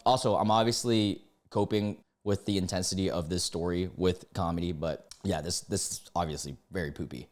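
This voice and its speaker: A man in his twenties reads online posts aloud and reacts to them with excitable rants. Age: 20s. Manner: excitable, ranting, sudden jumps in pitch. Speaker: YouTuber reading Reddit posts.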